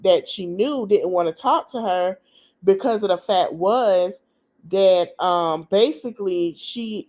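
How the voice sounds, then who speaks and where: A woman's voice: medium pitch, a little mellow. A woman hosting a podcast, casually recapping a TV episode in a chatty, slangy, gossipy way and talking straight to her listeners. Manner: acts out the people she quotes. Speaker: podcast host.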